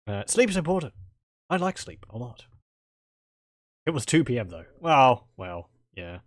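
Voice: mid-range voice, sing-song, normal speed, long pauses, no echo, clean studio sound. A streamer doing let's play commentary, thinking aloud, speaking typed game commands and chuckling. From Australia.

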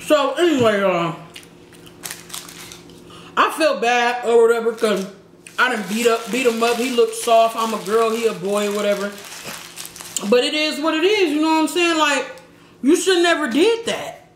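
A woman vlogger telling a slangy, animated story while eating, with shouted sound effects. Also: fairly high pitch, moderate pace, long pauses. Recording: echoey room with faint background noise.

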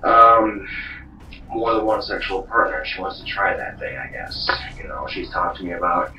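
A man's voice: sits low, normal speed. A man telling a rambling, profane comedic story. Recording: dull, roomy, distant, faint hiss.

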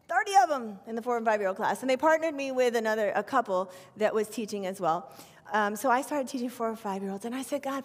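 A woman in her fifties, a children's pastor, preaching an animated testimony sermon. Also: fairly high pitch. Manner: animated storytelling with acted prayers. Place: church sanctuary. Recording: long reverb of a church hall.

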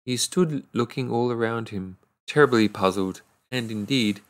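A man reading a fairy tale aloud, unhurried, now and then stumbling and correcting a word. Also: fairly low pitch. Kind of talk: read-aloud storybook narration.

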